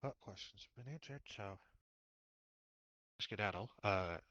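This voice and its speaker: Brief: man, lowish voice, quiet and understated in-character roleplay talk. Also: a little slow, dry recording, muffled recording. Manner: low-key and quiet, keeping a cover.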